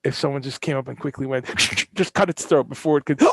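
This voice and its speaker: A man's voice: medium pitch, a little fast, gravelly, fairly bright tone, breathy edge, dry recording. A man hosting a live-streamed solo talk, ranting with passion, swearing and firing off rhetorical questions. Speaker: host.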